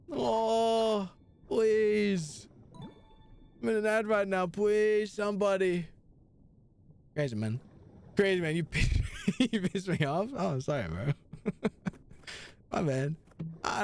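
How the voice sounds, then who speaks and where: Lively, high-voiced young male streamer. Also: slight background noise. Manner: playful, swinging between bits and mock pleading. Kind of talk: casual live-stream gaming chat.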